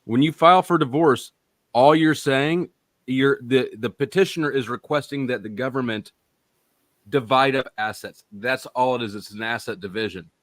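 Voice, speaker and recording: A man's voice: mid-range voice, normal speed, no room sound. A man on an online panel who argues methodically and lawyerly, with some teasing. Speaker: panel guest. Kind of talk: heated debate.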